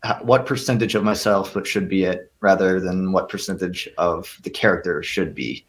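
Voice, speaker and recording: A young man with a fairly low voice speaks as an interview guest. He is earnest and reflective, pausing to restart his thoughts as he explains his craft. The delivery is measured and sincere. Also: steady tone. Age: young adult. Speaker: actor and guest. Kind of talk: interview answers.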